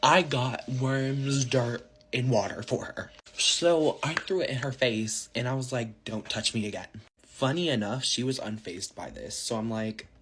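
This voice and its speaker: A man's voice: mid-range voice, a little slow, a bit bright. A man telling a casual storytime to his followers, slangy and rambling, full of fillers. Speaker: social media storyteller.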